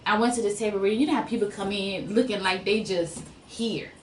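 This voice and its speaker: A woman's voice: medium pitch, fairly even intonation, a little fast, slight background noise. A woman chatting on a radio talk show, telling stories animatedly and acting out the people she quotes. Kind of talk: casual radio talk chat. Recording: roomy sound from a distant mic.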